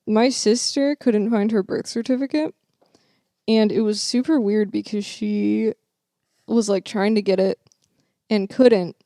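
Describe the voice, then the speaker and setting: A woman's voice: mid-range voice, fairly even intonation, a little slow, dark tone, no echo, studio quality. A young woman co-hosting a podcast in casual chat, joking and laughing often. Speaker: podcast co-host.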